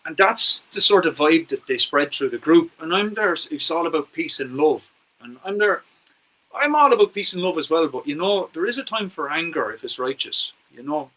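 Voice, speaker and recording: A man's voice: fairly high pitch, lively intonation, moderate pace, sharp tone, poor audio. Earnest Irish man hosting a podcast. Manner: earnest and persuasive, repeats words when stressing a point. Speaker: podcast host. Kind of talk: conversational interview.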